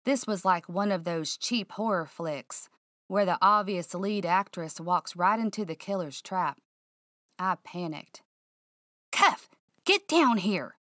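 A woman reads a first-person mystery aloud in a low, drawling voice. She keeps her telling hushed and suspenseful. The recording is dry and close. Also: a little slow, no echo. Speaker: narrator. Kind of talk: first-person audiobook narration.

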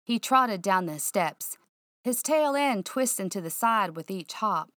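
A woman narrating a first-person mystery audiobook in a hushed, suspenseful, drawling way. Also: medium pitch, lively intonation, unhurried, no room sound, clean studio sound.

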